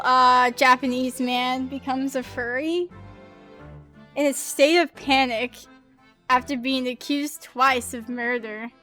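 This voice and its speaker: A woman's voice: sits high, fairly bright tone. A woman streamer giving casual, giggly and exclamatory commentary while playing a game.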